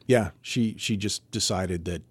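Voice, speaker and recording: A deep, slightly rough male voice comes through in studio quality with no room sound, a little slow in pace. He's a podcast co-host spinning a story in casual chat, animated as he acts out the quotes.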